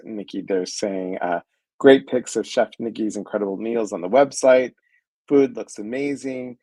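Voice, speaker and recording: A man's voice: lowish voice, no room sound. A man hosting a casual interview and reading viewer comments aloud. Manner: relaxed, reads comments aloud.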